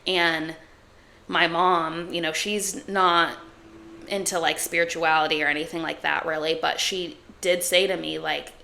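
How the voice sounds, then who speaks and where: A young woman in her twenties talks through a solo podcast episode in a loose, chatty way, her "like"s piling up as she reflects. Her voice sits on the low side for a woman and has a gravelly, fried edge. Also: level tone, a little slow, bright, forceful tone, a little hiss or hum. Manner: chatty, heavy use of "like"; reflective and confiding. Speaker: podcast host. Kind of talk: casual solo podcast talk.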